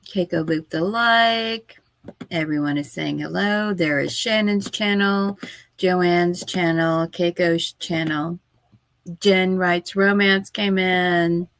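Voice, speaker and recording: A woman's voice: mid-range voice, fairly bright tone, dry recording. A woman hosting a writing livestream from her home office, chatting casually and sleepily, yawning between remarks. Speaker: livestream host.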